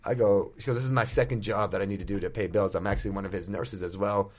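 Fast-talking Boston man telling stories. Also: on the low side. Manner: animated storyteller, swears casually. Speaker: radio host. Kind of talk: casual podcast chat.

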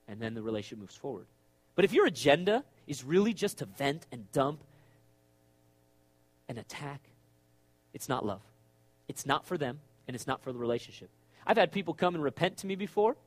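A man's voice: medium pitch, big pitch swings, normal speed, long pauses, husky, no echo. A middle-aged man, a pastor, preaching an emphatic sermon and acting out quoted voices.

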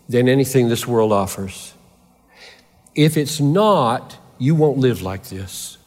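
A male pastor delivers a sermon at a deliberate, unhurried pace, his words hanging in the long reverb of a large sanctuary. He is impassioned, climbing to loud emphatic peaks and then sinking to quiet intensity. His voice sits at an ordinary middle pitch. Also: animated.

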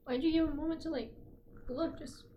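A woman's voice: sits high, steady tone, brisk, warm tone, muffled recording, slight background noise. A woman co-hosting a podcast, chatting casually and cutting in with dry, wry remarks. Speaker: podcast co-host. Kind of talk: casual chat.

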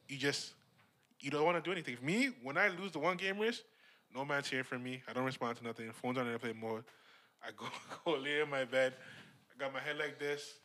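Animated joking man, sharp bright voice. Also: mid-range voice. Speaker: podcast co-host. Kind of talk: casual sports chat.

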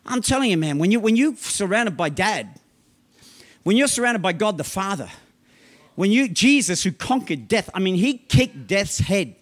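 A man with a very high voice delivers a sermon with loud, emphatic bursts. He reads scripture in a slow, deliberate way and keeps checking in with his listeners between points. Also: sing-song. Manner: emphatic preaching, often asking "right?", slow scripture reading. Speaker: pastor.

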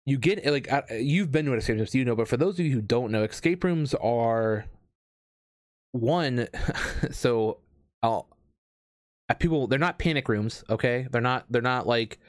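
A man's voice: medium pitch, normal speed, pauses often, no room sound. Rambling casual man, dry close sound. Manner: rambling, animated, lots of fillers and restarts. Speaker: escape room game host. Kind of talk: casual storytelling chat.

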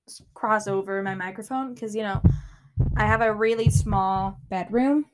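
There's a little hiss or hum behind this teenage girl's medium-pitched, moderately paced voice as she runs her solo podcast from a small bedroom. The talk is casual, peppered with swearing and abrupt exclamations of frustration.

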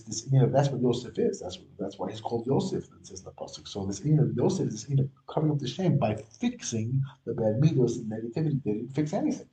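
Mellow-voiced man teaching a text. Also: medium pitch, roomy sound, low-quality recording. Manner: explains and restarts, mixing Hebrew terms into English. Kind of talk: textual study lesson.

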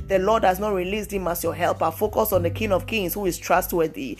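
A woman preaches in a devotional podcast, pressing her points by saying them twice. Her voice sits fairly low. Quiet music plays faintly underneath. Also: fairly even intonation, a little fast, few pauses. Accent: African English. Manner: emphatic, repeats key phrases.

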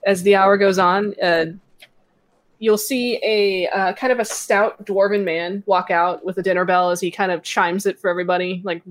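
A woman narrating as game master of a tabletop game, in a casual, halting way with many fillers. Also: on the low side, no room sound.

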